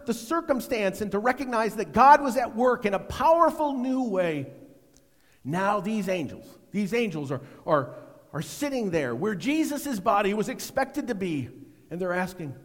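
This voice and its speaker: A middle-aged man preaching a sermon, swinging between loud emphasis and hushed, almost whispered lines. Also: high-pitched, in a large hall. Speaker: pastor.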